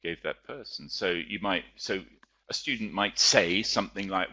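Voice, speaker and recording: A male teacher gives a webinar lecture, explaining things in a chatty manner and often pausing on fillers. His voice is low yet bright and forceful.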